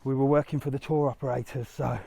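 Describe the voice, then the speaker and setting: A man's voice: mid-range voice, little pitch movement, quick pace, creaky, dark tone. A middle-aged man on a live walking vlog outdoors, chatting to viewers and getting out of breath on the stairs. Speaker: travel vlogger. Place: outdoors on a hillside walk.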